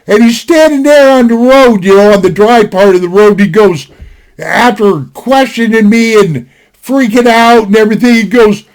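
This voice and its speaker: Guy with a kinda high voice rambling thru an old story, folksy, lots of restarts, desktop mic. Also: normal speed, smooth. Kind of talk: casual spoken storytelling. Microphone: desktop recording.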